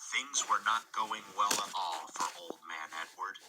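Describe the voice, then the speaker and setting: Hushed male storyteller, noisy recording. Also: fairly low pitch, normal speed. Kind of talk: fan storybook narration.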